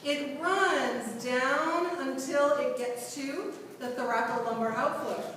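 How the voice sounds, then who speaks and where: A woman teaching a class and quizzing the students, lively, recorded from far off in a large lecture room. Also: high voice, takes it slowly, slight background noise. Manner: lively, asks the class questions. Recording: echoey hall from far off.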